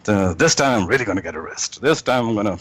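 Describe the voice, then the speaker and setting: A man's voice: fairly low pitch, expressive, quick pace, fairly bright tone, no room sound, pitched below the performer's own voice. A man voicing a weary old farmer who muses and repeats himself in a joke. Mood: musing.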